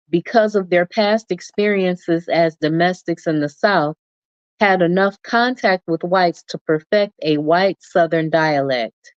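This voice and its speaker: A woman reads a nonfiction book aloud, taking her time in a deliberate, measured way. Her voice sits a little low. The recording is dull and lo-fi, with a dry, close sound. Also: darkish tone, no room sound. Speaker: reader.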